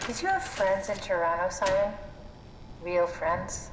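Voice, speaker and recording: Wry, weary AI guide. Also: female voice, mid-range voice, sing-song, unhurried. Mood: wistful. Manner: dry, self-deprecating, matter-of-fact. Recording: game dialogue, roomy echo under gameplay noise.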